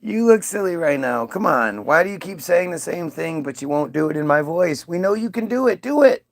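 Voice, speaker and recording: Pushy man with a higher voice. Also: animated, a little fast, gravelly. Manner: pushy, insistent coaxing. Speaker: streamer talking to an AI. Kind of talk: casual chat.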